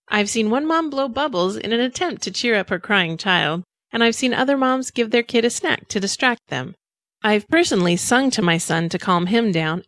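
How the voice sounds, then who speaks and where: A woman's voice: mid-range voice, dry recording. A woman in her thirties hosting a parenting podcast, reading friendly scripted narration.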